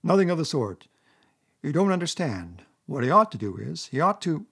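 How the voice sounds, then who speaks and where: A man's voice: fairly high pitch, big pitch swings, moderate pace, vocal fry, a bit bright, breathy edge, pitched above the performer's own voice, full character voice. A man voicing a homely, blunt male mole who grumbles and talks plainly. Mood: insistent. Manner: bluff and grumbling.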